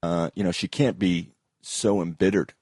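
Very deep-voiced hesitant man. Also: fairly even intonation, moderate pace, a little mellow, husky, no echo, clean studio sound. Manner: hesitant, many ums and uhs. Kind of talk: casual commentary.

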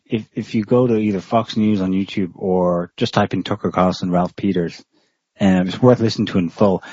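A man with a breathy, husky voice talks through political commentary in a loose, explanatory ramble, often doubling back mid-sentence. His voice sits at an ordinary pitch. The recording is dry and dull, with a lo-fi sound. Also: darkish tone, dry recording. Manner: rambling, explanatory, with frequent restarts.

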